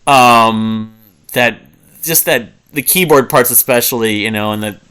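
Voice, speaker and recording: A man's voice: mid-range voice, unhurried, pushed and bright, clean tone. A man in his forties reviewing albums in a casual, rambling monologue, full of fillers and restarts and humming riffs to make his points. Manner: hums and sings riffs to illustrate. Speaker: music reviewer.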